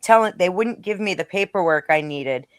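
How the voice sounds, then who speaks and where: A woman's voice: fairly low pitch, expressive, normal speed, smooth, no room sound, studio quality. Blunt, foul-mouthed woman on a panel. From Rhode Island. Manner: blunt, heavy swearing. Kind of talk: casual political chat.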